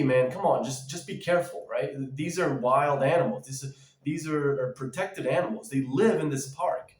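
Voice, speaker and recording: A man's voice: a little high, a little mellow. A man ranting casually in a vlog, rambling and emphatic, with lots of fillers and restarts. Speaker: vlogger. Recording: echoey room.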